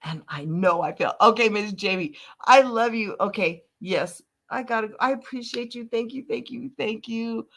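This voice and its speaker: Animated older woman hosting a motivational talk. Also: on the high side, moderate pace, vocal fry, hardly any pauses. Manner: animated, emotional storytelling with frequent laughs. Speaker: host.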